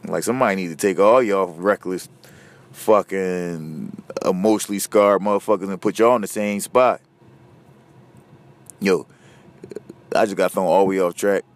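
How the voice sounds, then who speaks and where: A man hosting a podcast, ranting casually and profanely, veering from loud outbursts to low muttering. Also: steady tone, moderate pace, long pauses. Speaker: podcast host. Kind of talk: casual solo rant.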